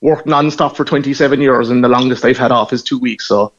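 A man's voice: mid-range voice, fairly even intonation, fairly quick, dull audio. A middle-aged man from Ireland with a Cork accent, chatting casually as a guest and laughing as he tells stories. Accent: Cork Irish. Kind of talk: casual phone interview.

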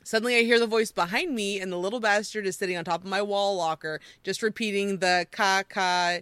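A woman hosting a podcast, chatting casually and reading creepy stories aloud with animated quoting. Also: medium pitch, a little fast, smooth, no echo, studio quality. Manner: animated storyteller, quoting with voices. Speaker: podcast host.

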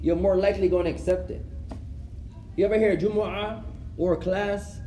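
A man's voice: sits high, steady tone, normal speed, dark tone, slight background noise. A man teaching an Islamic studies class, asking rhetorical questions and mixing Arabic phrases into his English. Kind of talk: classroom lesson. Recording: echoey room, faint ambience.

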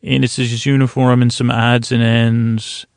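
A man talks through an episode in a relaxed, meandering recap, full of hesitations and restarts. His voice is gravelly and fairly monotone. The sound is close and dry. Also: mid-range voice, unhurried, no echo. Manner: rambling, hesitant, lots of fillers. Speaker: podcast host.

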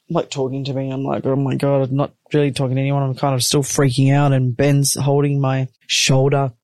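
A woman telling a personal story in a casual, animated way, acting out what everyone said and swearing freely. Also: extremely low pitch, no room sound. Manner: animated, acts out the other people's lines.

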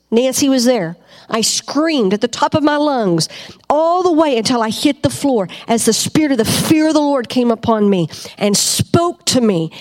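A woman preaching a fervent sermon to a congregation, asking them questions and rising to loud cries. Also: fairly high pitch. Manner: asks the crowd questions.

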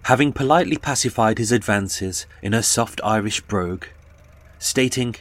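A man's voice: fairly low pitch, moderate pace, fairly bright tone, dry recording. A man giving dramatic scripted true-crime narration and dwelling on detail.

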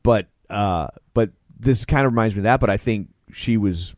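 A man on a podcast who weighs his points and slips in deadpan jokes. His voice sits somewhat low. The recording is close-miked and dry. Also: moderate pace, no echo. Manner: thoughtful, dry quips. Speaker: podcast co-host. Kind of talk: casual chat.

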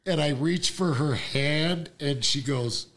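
Animated man telling a story. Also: on the high side, slow pace. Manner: acts out quoted voices, laughs often. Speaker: guest.

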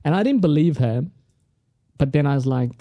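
A man, a comedian guest on a podcast, telling a story in a casual, animated way. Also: fairly high pitch, moderate pace, dry recording, lo-fi sound. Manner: animated storyteller who acts out other people's lines.

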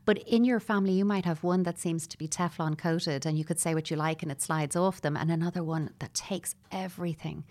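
Lowish-voiced woman explaining earnestly. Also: brisk, hardly any pauses, a little mellow. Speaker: child psychotherapist guest. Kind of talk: conversational advice interview.

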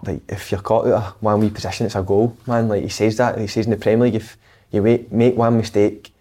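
A man's voice: fairly low pitch, little pitch movement, fast, mellow. A young Scottish man, a footballer, chatting casually in a laid-back, rambling way. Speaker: footballer guest. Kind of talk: casual chat.

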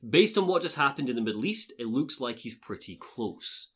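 A man telling a long story on a casual podcast, his pitch rising and falling a lot. He talks in an animated, loose way and swears often as he recaps. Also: normal speed, husky. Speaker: podcast host recapping game lore. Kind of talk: casual chat.

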